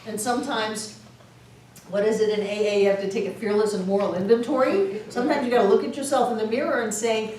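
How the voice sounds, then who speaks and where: Talking fast in a mid-range, somewhat mellow voice, a woman leads a spiritual class through a storytelling lecture. She narrates with animation, laughs a lot and performs character voices. The mic sits far off in a highly reverberant room, with a faint hiss underneath.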